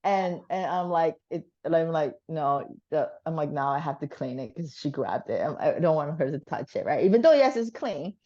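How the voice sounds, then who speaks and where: A woman's voice: low-pitched, animated, normal speed, hardly any pauses, mellow, highs cut off. A woman telling a funny story in casual chat, swearing freely and laughing as she goes. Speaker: guest.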